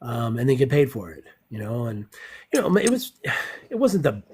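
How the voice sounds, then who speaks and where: A Spanish teacher calls in as a guest to a casual live-stream chat over his phone, joking, swearing and animated. His voice is medium-pitched at a normal speed, with a little hiss or hum in the audio.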